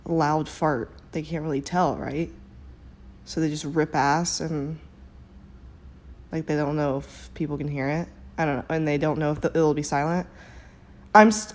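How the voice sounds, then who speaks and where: A woman's voice: sits low, darkish tone. A woman chatting casually on a short video, giggly, joking and rambling. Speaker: TikTok creator. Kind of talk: casual chat.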